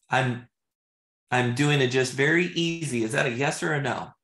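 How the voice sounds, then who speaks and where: A man talks through sales conversations in a relaxed, filler-heavy teaching style, with a gravelly edge to his voice. He sounds like an agent coaching colleagues, testing out his questions as he goes. The sound bounces around a roomy, echoey space. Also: mid-range voice, normal speed. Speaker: real estate agent and trainer. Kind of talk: casual teaching talk. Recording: roomy echo.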